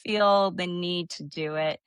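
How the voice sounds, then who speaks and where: A woman's voice: on the low side, steady tone, takes it slowly, smooth, no echo. A woman hosting a podcast, chatting casually and telling a story with lots of fillers and restarts. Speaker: podcast host.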